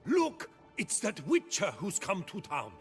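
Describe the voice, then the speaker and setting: Game role: jumpy, superstitious worker, high and animated, rambling in alarm. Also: male voice, measured pace, soft background music, heavily acted. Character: panicky, superstitious male quarry worker. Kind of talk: video game dialogue.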